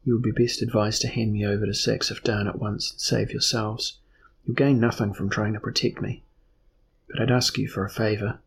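A man voicing a frightened young woman who speaks in quiet despair, in an audiobook reading. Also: fairly low pitch, flat delivery, moderate pace, vocal fry, slight background noise. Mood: fearful.

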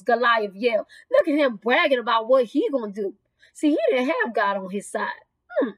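Fervent woman preaching, high and dry. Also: normal speed, dry recording. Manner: exclaims "ooh" and "glory to God", swings from calm reading to shouting. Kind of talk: fervent sermon reading scripture.

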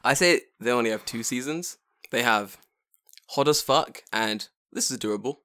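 A man's voice: medium pitch, moderate pace. A man co-hosting a casual comedy chat, swearing freely and telling stories with lots of laughter. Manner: laughs often, swears, animated storytelling. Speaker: podcast co-host.

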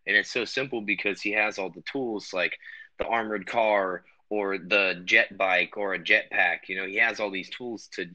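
A man's voice: lowish voice, fairly even intonation, moderate pace, pushed and bright, no room sound, muffled recording. A man hosting a podcast remotely from his home, talking in a loose, rambling way with many restarts and fillers. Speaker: podcast host. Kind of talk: casual chat. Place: home bedroom. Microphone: remote recording.

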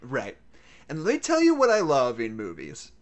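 A woman co-hosting a casual movie chat, animated, laughing often and swearing freely. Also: rumbling low, normal speed. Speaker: podcast co-host.

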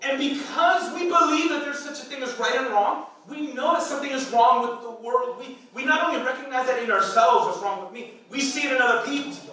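A man in his thirties preaches in a playful, chatty way, tossing rhetorical questions at his listeners. His voice sits very high and bright. It rings through a large echoing hall, heard from a step back from the mic. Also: fairly quick, few pauses, distant mic. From Hispanic background. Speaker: pastor. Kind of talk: sermon. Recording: echoey hall, speaker off-mic.

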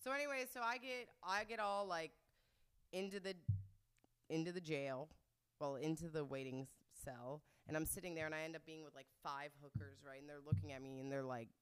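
A woman's voice: low-pitched, fairly quick, clear, resonant tone. A young woman vlogger telling a story casually, rambling with lots of fillers and swearing. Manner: rambling, profane, heavy filler words. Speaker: vlogger answering viewer questions.

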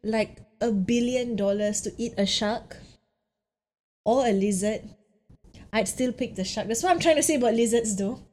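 A woman's voice: a little high, moderate pace, darkish tone. A young woman with a Singaporean accent, co-hosting a casual podcast chat and telling things in a dramatic, exaggerated way. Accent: Singaporean English. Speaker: podcast co-host.

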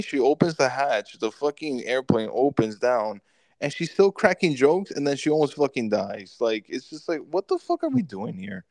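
A man co-hosting a podcast, retelling movie scenes in an animated, profane way and putting on quick voices for the characters. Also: mid-range voice, dry recording, clean studio sound. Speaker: podcast co-host. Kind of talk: casual movie review chat.

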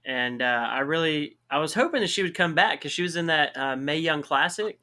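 A man co-hosts a podcast in a very bright, sharp voice pitched a little high. He chats casually, laughs easily and often reacts with disbelief. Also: animated, brisk. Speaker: podcast co-host. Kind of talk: casual chat.

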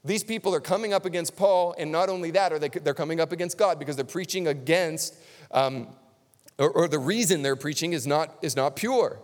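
A man's voice: on the high side, brisk. A male pastor preaching a sermon in a conversational, emphatic way, repeating key lines for stress. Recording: long reverb of a large hall.

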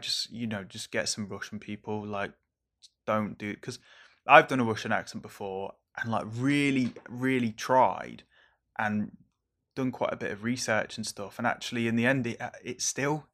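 An English man, a young adult, hosting a casual solo podcast in an excitable, rambling, over-caffeinated way, swearing now and then. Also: on the low side, moderate pace. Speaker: podcast host reviewing films.

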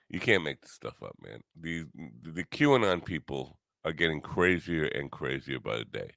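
Tired New podcast host, bottom-of-the-range voice with gravel, dry close mic, loose sarcastic riffing. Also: male voice, a bass voice, very animated, unhurried, fairly bright tone, dry recording. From New York. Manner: rambling, wisecracking, sarcastic. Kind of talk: casual solo podcast monologue.

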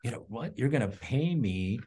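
A man's voice: medium pitch, expressive, normal speed, slightly rough. A middle-aged man, a culinary school president, chatting as an interview guest and telling rambling stories with many restarts. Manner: rambling, repeats words, warm storytelling. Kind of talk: casual interview chat.

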